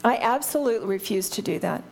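A woman's voice: mid-range voice, lively intonation, quick pace, gravelly, darkish tone, a little hiss or hum. A middle-aged woman teaching a Bible study in a candid, conversational way, often laughing at herself.

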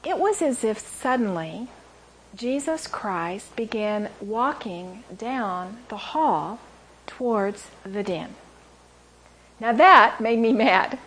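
A woman teaching a sermon, telling stories with animated delivery and dropping into near-whispers for emphasis. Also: on the high side, takes it slowly, breathy edge. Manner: animated storytelling, acting out quotes, dropping to a whisper. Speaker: Bible teacher. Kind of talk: sermon to a women's audience.

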